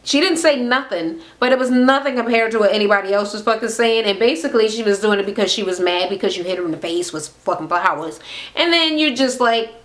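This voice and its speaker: Blunt, cussing woman recapping reality TV. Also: on the high side. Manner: blunt, sarcastic, heavy swearing, animated retelling. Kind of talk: casual profane recap rant. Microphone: camera mic.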